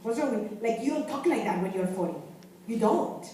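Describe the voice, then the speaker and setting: A woman's voice: a little high, lively intonation, fairly quick, dark tone. A woman in her fifties from Venezuela, giving a passionate, emphatic lecture to students and repeating her key phrases. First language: Spanish. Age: 50s. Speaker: guest lecturer, community health director. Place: university lecture hall. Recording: very echoey hall, distant mic, faint hiss.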